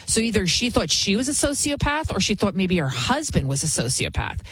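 A woman's voice: mid-range voice, big pitch swings, normal speed, few pauses, slightly rough, dry recording, rough recording. A woman hosting a talk show, giving indignant, emphatic commentary and often repeating phrases for effect. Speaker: show host. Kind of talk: opinionated commentary.

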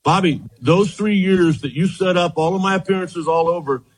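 A man, a former baseball pitcher, telling lively stories as a guest in an interview, often repeating himself as he goes. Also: moderate pace, breathy edge, poor audio. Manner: animated storyteller, quotes others, repeats words. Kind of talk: storytelling interview chat.

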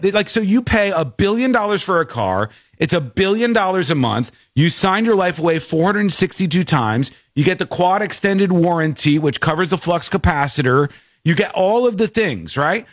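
Lively guy co-hosting a tech chat, bit high pitched, dry close sound. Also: dry recording. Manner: animated, does silly character voices. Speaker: show host.

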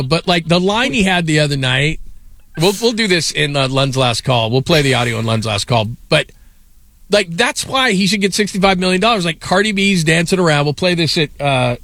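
Middle-aged sports radio guy rambling thru stories, kinda high voice, super dry sound. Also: fairly bright tone, no room sound. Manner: rambling storyteller, lots of fillers and laughs. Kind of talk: casual sports talk.

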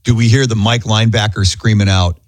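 A man's voice: lowish voice, steady tone, brisk, no echo. A man co-hosting a sports talk show, agreeable and asking questions.

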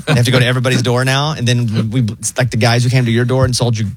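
A man in his thirties hosting a casual chat, telling animated stories and mimicking voices. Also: rapid-fire, slight background noise. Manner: animated storyteller, mimics voices in high pitch.

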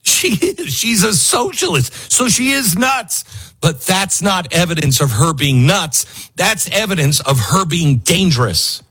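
Animated, husky-voiced male talk host. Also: high voice, unhurried. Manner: animated, sarcastic, laughs often and mimics people. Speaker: political talk show host. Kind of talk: opinionated commentary monologue.

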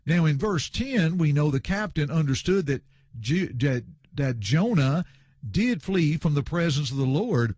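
A man's voice: a little high, unhurried, no room sound, clean studio sound. A man preaching a sermon, explaining a scripture passage verse by verse. He talks in an emphatic way, returns to the same refrains and calls his listeners friends. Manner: animated, emphatic, repeats refrains.

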